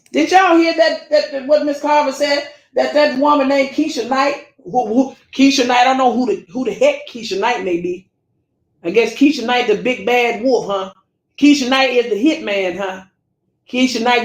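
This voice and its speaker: Preachy scolding woman in an echoey room. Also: on the high side. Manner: scolding, preachy, addresses viewers as baby and family. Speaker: YouTube commentator. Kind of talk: direct-to-camera rant.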